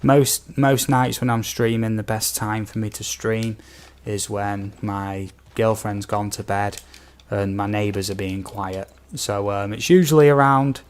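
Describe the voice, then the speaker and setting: A young man from the United Kingdom streams games and chats casually, his lowish voice smooth and steady at a measured pace with few pauses. He rambles while reading viewer questions, dropping in frequent ums and asides.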